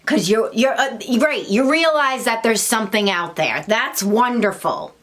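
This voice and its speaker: A woman's voice: on the high side, expressive, a little slow, fairly bright tone. A young woman talking casually about spiritual awakening to her viewers, blunt and full of swearing, sometimes acting out the voices of others. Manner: blunt, swears freely, laughs, acts out quoted voices. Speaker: spiritual vlogger. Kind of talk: casual spiritual talk to camera.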